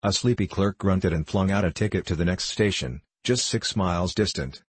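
A low-pitched, slightly rough male voice reads a novel aloud as an audiobook narrator. The scripted narration is measured and even, with no room sound.

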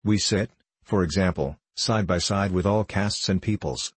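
Man reading as a smug fat moneylender, oily, low husky voice. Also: unhurried, no room sound.

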